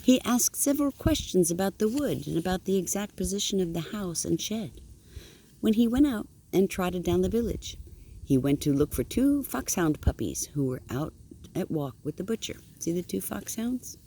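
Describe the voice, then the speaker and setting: An older woman, a grandmother, reading a picture book aloud to her grandchildren, gently pausing to point out the pictures and explain the story. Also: on the low side, lively intonation, a little hiss or hum.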